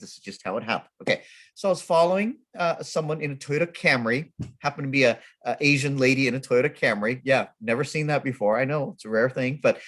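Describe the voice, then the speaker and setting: A middle-aged man from Sacramento telling humorous personal stories as a guest speaker at a temple service, with a self-mocking, animated manner. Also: mid-range voice. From Sacramento, California. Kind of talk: storytelling talk.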